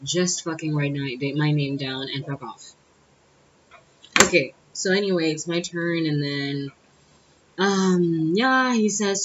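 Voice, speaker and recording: A woman's voice: fairly low pitch, lo-fi sound, noisy background. A young woman telling a personal story to camera in a blunt, exasperated, profane way. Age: young adult. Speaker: vlogger. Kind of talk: casual storytime monologue.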